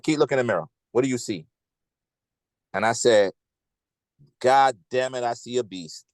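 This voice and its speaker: Man, casual animated storytelling, mid-pitched voice, dry close sound. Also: no echo. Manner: animated, slangy, repeats "okay?" often. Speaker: host.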